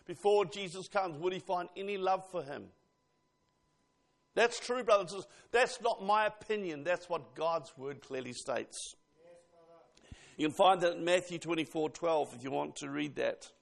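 An older man preaching a sermon in a church, earnest and pausing, with rising and falling emphasis. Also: fairly high pitch, gravelly.

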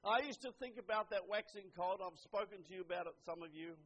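An older man preaching a sermon, earnest, dropping to a hush and then rising to emphatic lines. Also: sits high, fast, breathy edge. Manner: earnest, swings from hushed to emphatic. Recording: dull lo-fi recording.

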